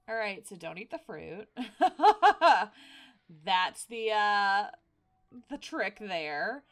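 Lively, excitable woman gaming host. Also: mid-range voice, slow pace. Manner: excitable, frequent gasps and laughter. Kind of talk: casual let's-play commentary.

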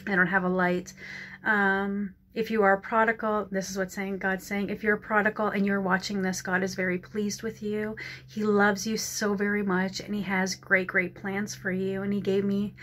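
A woman reads scripture aloud and shares a prophetic word, her voice staying level and narrow in pitch. She often stumbles over words and apologizes. She is emotional and close to tears. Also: little pitch movement, fairly bright tone, slight background noise. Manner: halting reading with stumbles and apologies. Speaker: Christian counselor sharing a prophetic word. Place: dark room indoors.

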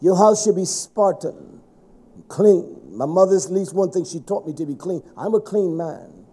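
A middle-aged man preaching a stern, scolding sermon to a congregation, rising to shouts at times. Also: high voice, a little slow, slightly rough.

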